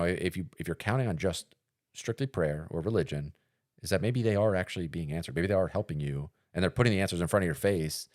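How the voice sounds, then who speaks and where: A man with a very low voice talks casually on a podcast, wandering through his thoughts with plenty of fillers and false starts. He tells a story in an easygoing, conversational way. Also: a little mellow. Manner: rambling, storytelling with many fillers and restarts. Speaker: podcast co-host.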